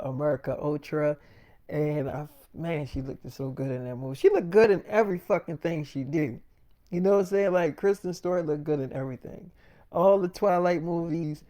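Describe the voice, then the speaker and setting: A man's voice: on the high side, warm tone. A man telling a rambling, profane story in a loose, casual monologue full of fillers, saying he feels lightheaded. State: feeling lightheaded.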